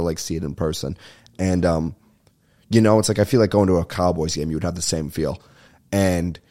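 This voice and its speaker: Young dude ranting solo on his podcast mic, kinda low voice, mellow tone, swears constantly and rambles. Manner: profane, rambling, animated storytelling. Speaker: podcast host. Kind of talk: casual solo podcast rant. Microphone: podcast microphone at a desk.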